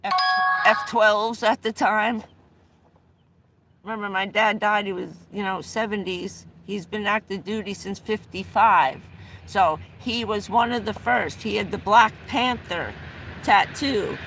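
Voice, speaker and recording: A middle-aged woman livestreaming from inside a vehicle, wandering through personal anecdotes in a loose, chatty way. Her voice sits at an ordinary middle pitch, and she doubles back and restarts her sentences often. A faint hum of the vehicle stays underneath her. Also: unhurried, fairly bright tone. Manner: rambling, restarts often, laughs between anecdotes. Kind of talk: casual storytelling on a livestream.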